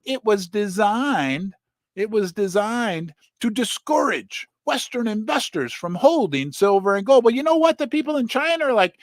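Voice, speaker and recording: Animated sarcastic precious-metals commentator man. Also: high-pitched, moderate pace, dry recording, studio quality. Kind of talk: casual commentary reading articles aloud.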